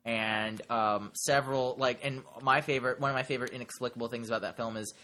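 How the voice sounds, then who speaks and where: A man co-hosting a podcast in casual chat, animated and swearing, often laughing as he talks. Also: medium pitch, fast talker. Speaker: podcast co-host.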